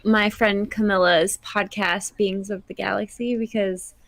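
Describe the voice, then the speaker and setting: A woman's voice: medium pitch, fairly even intonation, a little slow, fairly bright tone. A woman guest in a casual live podcast chat, eager but hesitant.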